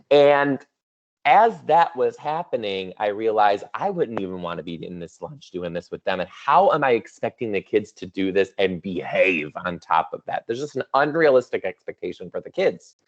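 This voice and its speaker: This is a virtual keynote for teachers, given over a video call by a man in his thirties whose pitch is fairly low. The sound is lo-fi, and his delivery is playful and chatty, full of teasing remarks.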